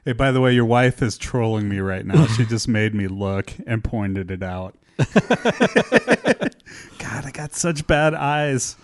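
A man hosting a casual chat, animated and filler-heavy, laughing often. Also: medium pitch, measured pace.

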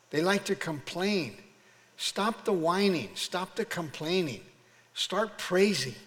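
A man's voice: fairly high pitch, a bit bright. A man preaching a sermon as pastor, exhorting his church in a preacherly call-and-response manner. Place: church sanctuary. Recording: long reverb of a church hall.

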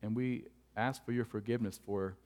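Earnest pastor in a reverberant church. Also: male voice, on the low side, steady tone, a little fast. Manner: earnest storytelling, dropping to hushed tones for tender moments. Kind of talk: sermon. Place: church sanctuary. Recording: long church hall reverb.

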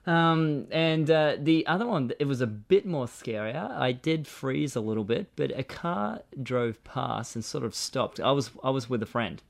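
A man's voice: medium pitch, expressive, measured pace, gravelly, hardly any pauses. A young Australian man chatting casually on a podcast, telling a personal story with frequent restarts and fillers. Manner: conversational storytelling with many restarts. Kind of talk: casual chat. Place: Brisbane.

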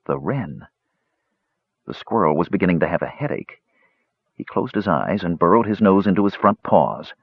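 Expressive storybook narrator, male, husky lower voice, dry lo-fi sound. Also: normal speed, pauses often, no echo. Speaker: audiobook narrator. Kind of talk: scripted fantasy narration. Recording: slightly dull lo-fi recording.

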